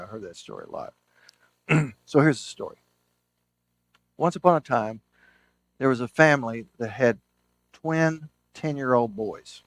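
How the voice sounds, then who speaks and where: A man's voice: mid-range voice, no echo. A man, a historian and author, giving a book talk as an enthusiastic storyteller, often restarting his sentences. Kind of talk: lecture with anecdotes.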